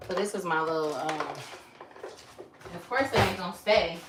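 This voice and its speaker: A woman vlogger chats casually with her viewers in a cook-with-me video, calling them y'all as she cooks in her home kitchen. She's out of breath, with a fairly low voice at a moderate pace. Running water and frying sound in the echoey kitchen, along with faint background noise.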